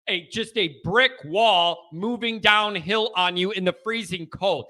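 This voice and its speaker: A high-voiced man with a Midwest American accent hosts a fan call-in show, talking casually. His tone is bright and forceful, and he gets worked up and hammers the same phrase again and again. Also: moderate pace. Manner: animated, fired-up, repeats himself. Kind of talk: casual chat.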